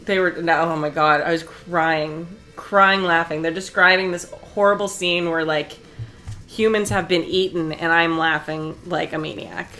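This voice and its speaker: A chatty woman streams herself sewing, talking along freely and laughing often. Her voice sits a little low for a woman. Soft music plays faintly behind her. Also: steady tone, measured pace. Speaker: live streamer. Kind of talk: casual chat while sewing on a live stream.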